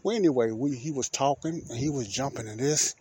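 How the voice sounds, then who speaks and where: This podcast host is a middle-aged man with a dark-toned voice, speaking briskly over a faint hiss or hum. His casual storytelling wanders and repeats itself, and when quoting others he performs their lines in a higher pitch.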